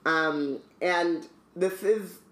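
A woman's voice: fairly low pitch, very slow, a bit bright, roomy sound. A woman co-hosting a casual book-club podcast, reading aloud and chatting with many asides.

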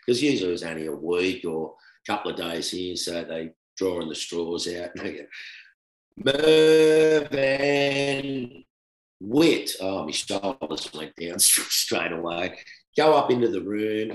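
A middle-aged man with an Australian accent, a former cricketer telling stories in a relaxed, animated chat with laughter. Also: deep voice. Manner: animated anecdote telling with laughter, swings between loud and hushed. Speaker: guest, former professional cricketer. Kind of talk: casual storytelling chat. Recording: roomy echo.

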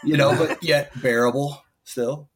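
A man's voice: a little high, steady tone, a little slow. Easygoing man telling a funny story. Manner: easygoing storyteller, laughs while talking. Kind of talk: casual movie discussion.

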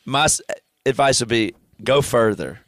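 A man's voice: medium pitch, animated, unhurried, no room sound. A man in casual chat speaking emphatically and swearing, like a coach giving advice.

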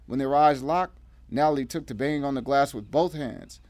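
A man reading a thriller aloud with dramatic, expressive narration. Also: medium pitch, moderate pace, no echo.

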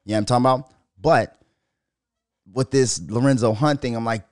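A man from Minnesota hosts his own podcast solo, swearing freely as he riffs on whatever comes to mind. His voice sits in a middle range and sounds dry and close, with no room around it. He slides from easy chat into animated rants. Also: medium pitch, normal speed, dry recording. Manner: profane, animated, riffing and ranting. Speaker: podcast host. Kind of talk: casual solo podcast rant.

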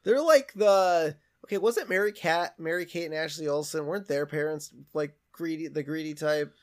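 A man co-hosting a podcast in casual chat, answering with short reactions and quick jokes and laughing often. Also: a little high. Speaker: podcast co-host.

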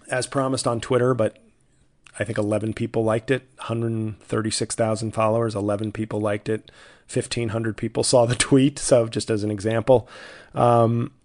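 A man's voice: medium pitch, creaky. Profane, rambling male comedian. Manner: profane, digressive storytelling with frequent restarts; mock-outraged rants. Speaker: comedian podcast host. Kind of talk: rambling comic monologue.

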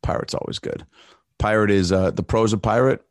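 A man's voice: on the low side, fairly even intonation, brisk, no echo, clean studio sound. A man guesting as a comedian on a podcast, riffing loosely in casual chat with plenty of profanity and fillers.

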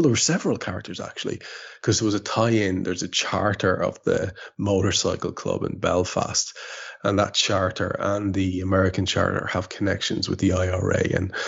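Gravelly low-voiced Irish man. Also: dull audio. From Ireland. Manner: chatty, wry, storytelling. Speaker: podcast host. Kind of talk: casual chat. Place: home in rural Ireland.

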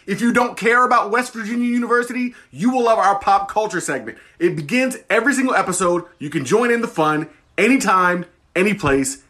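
High bright-voiced man pitching a podcast. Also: a little fast, hardly any pauses. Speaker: podcast host. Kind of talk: punchy podcast promo read.

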